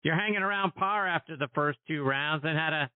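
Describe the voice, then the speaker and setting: A man's voice: a little high, fairly quick, clear, resonant tone, dry recording. A male interview host reading a prepared setup for his question. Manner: brief, scripted setup of questions. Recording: dry, tinny phone-like line.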